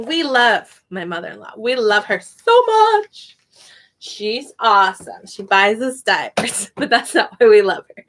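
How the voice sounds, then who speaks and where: A woman in her thirties teaching a live online Spanish lesson, animated and laughing often as she slowly demonstrates sounds. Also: on the high side.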